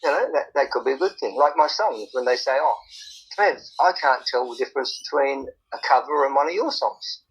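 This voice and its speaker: A man's voice: medium pitch, animated, brisk, gravelly, slightly rough. An Australian man, a country singer, chatting casually on a podcast, laughing often and repeating words. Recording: dull lo-fi sound.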